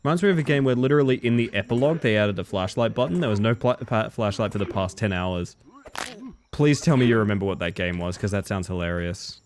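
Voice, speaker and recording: A faint hiss or hum sits under the fairly low male voice of a live game streamer who talks at a quick pace. He chats casually with viewers, answering their messages and reacting to the game as it unfolds.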